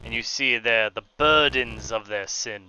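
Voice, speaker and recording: A man's voice: medium pitch, measured pace, pushed and bright, dull audio, faint music behind. A man reading as a cruel flamethrower villain. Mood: menacing. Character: cruel male flamethrower villain, boastful and menacing. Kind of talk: reading game dialogue aloud.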